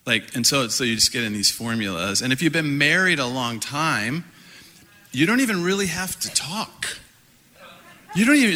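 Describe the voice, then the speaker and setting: A middle-aged man preaching a sermon, animated and playful, laughing often as he talks. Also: on the high side, a little hiss or hum. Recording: hall reverb.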